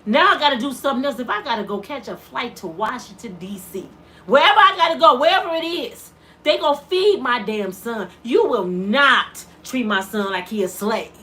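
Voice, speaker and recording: A middle-aged woman, the mother of an inmate, vlogs an impassioned monologue, preaching through rhetorical questions in casual dialect. Her voice is fairly high, sharp and expressive, at a normal speed.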